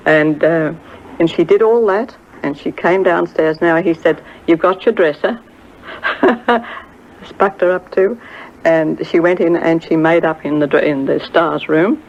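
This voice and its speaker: A woman's voice: low-pitched, a little slow, muffled recording. An older woman telling a story about a singer she knew, hesitant and full of fillers, acting out what others said. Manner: hesitant, many fillers, acts out quoted voices. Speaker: friend recalling a singer. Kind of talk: reminiscing anecdote.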